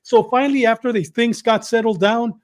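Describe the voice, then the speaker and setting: Animated, high-voiced man telling prison stories. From Southern California. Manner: quick, repetitive retelling with acted quotes. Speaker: podcast guest telling his story. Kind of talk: animated storytelling.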